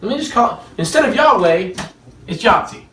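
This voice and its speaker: A preacher giving a sermon to a room of listeners, animated and often laughing while acting out quoted dialogue. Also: medium pitch, normal speed, a little hiss or hum. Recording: echoey room, mic at a distance.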